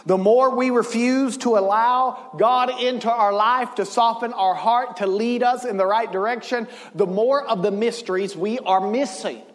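A man preaching a sermon as pastor in a church, in an impassioned style that builds to shouting. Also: sits high, big-room sound.

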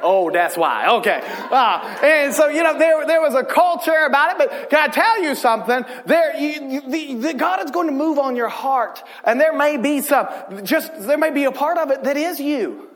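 A man preaching a sermon in a lively, humorous way, full of rhetorical questions. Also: very high voice, moderate pace, hardly any pauses, long reverb tail.

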